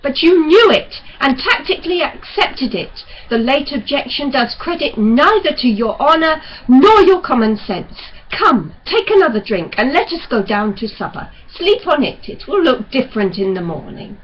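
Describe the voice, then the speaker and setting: A woman's voice: high voice, big pitch swings, normal speed, few pauses, low-quality recording. A woman reading as a stern domineering father. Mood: scolding.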